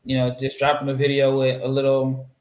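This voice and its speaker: A man from Nebraska talks as a guest on a basketball podcast, easygoing and full of fillers and restarts. His voice sits at an ordinary middle pitch. The sound is roomy, with audible echo around him. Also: monotone, a little fast, dull audio. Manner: rambling storyteller, many fillers and restarts. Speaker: guest draft analyst. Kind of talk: casual interview chat. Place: home setup, away from his usual mic.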